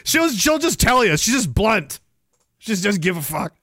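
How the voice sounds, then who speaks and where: A man's voice: sits high, big pitch swings, normal speed, a bit bright, no echo, clean studio sound. A man from Canada hosting a casual, profane livestream, joking crudely, laughing often and reading out chat messages.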